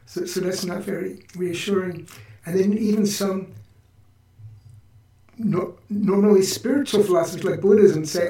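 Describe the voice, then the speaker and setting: A man hosting a spiritual podcast, talking through teachings in a relaxed, reflective way with frequent restarts. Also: sits high, moderate pace, recorded from a distance. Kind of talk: spiritual talk. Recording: echoey room, voice from off-mic.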